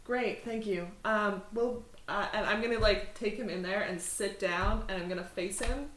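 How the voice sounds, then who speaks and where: Bright-voiced woman giving a slow pep talk. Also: medium pitch, echoey room, slight background noise, low-quality recording. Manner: calm, slow, soothing pep talk in character. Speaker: player. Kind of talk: tabletop role-play with friends.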